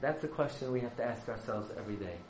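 A man's voice: mid-range voice, animated, fast talker, roomy sound, noisy background. Dramatic male rabbi telling a story. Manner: dramatic storyteller, surging from hushed to loud. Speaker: yeshiva rabbi. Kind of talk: sermon storytelling.

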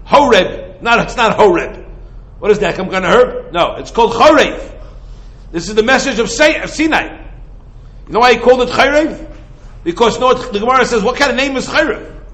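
A man teaching Torah in a lively lecture. He fires off rhetorical questions and mixes Hebrew and Yiddish terms into casual English. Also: very high voice, fairly quick, rough recording. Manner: animated, full of rhetorical questions.

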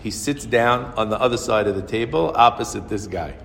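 A man's voice: fairly low pitch, brisk, gravelly, a little hiss or hum. Man telling a sermon story in a hall. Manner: animated storyteller, acts out characters' voices. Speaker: speaker giving a Torah talk.

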